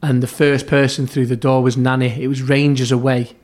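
A middle-aged man, a former football club therapist, tells stories as a podcast guest. He acts out quoted lines, often restarts his sentences and turns low and hushed at tense moments. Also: little pitch movement, fairly quick. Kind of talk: anecdotal storytelling in an interview.

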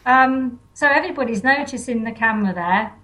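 A woman with a somewhat high voice speaks as an interview guest. She explains her view earnestly and plainly, agreeing with the host. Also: fairly quick, bright, forceful tone, low-quality recording. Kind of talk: conversational interview.

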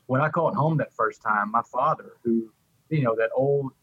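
A man's voice: mid-range voice, normal speed, a bit bright, dry recording, lo-fi sound. A middle-aged man telling his recovery story in an interview, heartfelt and repeating words as he goes. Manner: heartfelt, repeats words, addresses the host by name.

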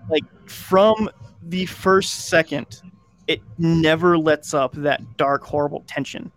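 A man's voice: on the high side, slow, fairly bright tone, dry recording. A man co-hosting a podcast, casually retelling a film plot in a rambling way, with lots of fillers and acted-out quotes. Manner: rambling, lots of "like" and restarts, acts out quoted lines. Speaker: podcast co-host.

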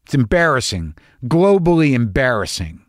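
A man's voice: medium pitch, big pitch swings, normal speed, no room sound, studio quality. A man in his fifties from New Mexico, hosting a show with a casual, wry, confessional monologue full of swearing. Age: 50s. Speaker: podcast host.

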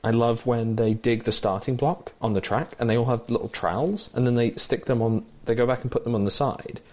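An enthusiastic man chats about a film, happily recounting small details he loved. He speaks casually, in a voice of ordinary middle pitch. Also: steady tone, brisk, darkish tone. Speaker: film podcast co-host. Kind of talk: casual conversation.

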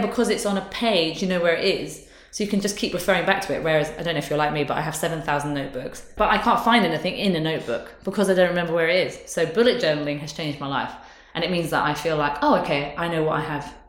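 A candid, chatty woman in her thirties, talking in a low voice. She speaks openly and laughs easily. The sound is roomy and echoing. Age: 30s. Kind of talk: casual chat. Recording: roomy echo.

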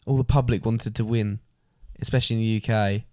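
A young adult man, a son co-hosting a casual podcast, joking and chipping in quickly. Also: fairly low pitch, fairly even intonation, warm tone, dry recording, clean studio sound. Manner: joking, teasing, quick interjections. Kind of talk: casual chat.

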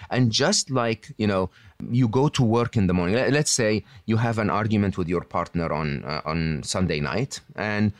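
A man's voice: fairly low pitch, normal speed, no room sound, studio quality. A man as a podcast guest, explaining in a self-assured, teacherly way and often adding "hmm?" or "okay?" to check in. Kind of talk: explaining to an interviewer.

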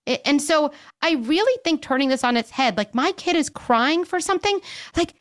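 A woman's voice: high-pitched, lively intonation, moderate pace. A woman child psychologist speaking emphatically as a podcast guest, acting out little bits of parents and kids as she explains. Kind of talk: podcast interview.

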